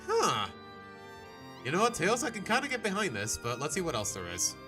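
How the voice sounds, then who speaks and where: A man live-streaming his reactions to videos in casual, animated chat, groaning and laughing as he goes. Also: on the high side, fairly quick, music in the background.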